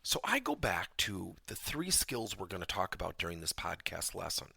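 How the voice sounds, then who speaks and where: A man with a gravelly, bright-edged voice delivers a podcast lesson. His pitch swings widely as he tells stories, and the sound is dry and close, with a husky grain. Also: normal speed, no room sound. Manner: animated storytelling, acts out dialogue in raised voice. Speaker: podcast host and trainer.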